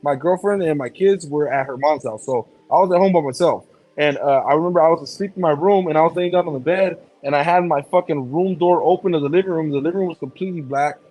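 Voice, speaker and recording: A man in casual chat, telling a personal story in an animated, profane way. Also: a little high, fast talker, no echo, poor audio.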